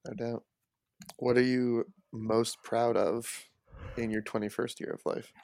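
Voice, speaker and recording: A young man with a gravelly voice full of fry, co-hosting a casual podcast. He asks his questions in a playful, teasing way, and the recording is dry and close. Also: mid-range voice, level tone, a little slow, a little mellow, no room sound. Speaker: podcast co-host asking questions. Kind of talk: casual chat.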